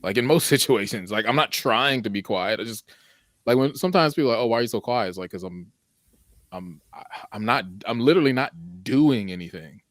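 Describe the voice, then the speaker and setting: A man co-hosting a podcast, thinking out loud in a halting, reflective way and often restarting his sentences. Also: medium pitch, animated, no echo, studio quality. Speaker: podcast co-host. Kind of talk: casual reflective chat.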